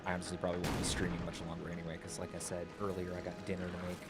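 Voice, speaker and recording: A man's voice: low voice, monotone, rapid-fire. A man chatting casually while streaming a video game, rambling and hesitant as he talks to his chat. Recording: loud game music behind. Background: game music.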